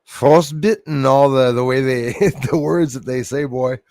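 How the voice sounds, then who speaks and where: A man's voice: medium pitch, steady tone, unhurried, darkish tone, no echo. Chatty man on a dry mic. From Canada. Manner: chatty, rambling, laughs often. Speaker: livestream host. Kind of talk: casual chat reading viewer comments.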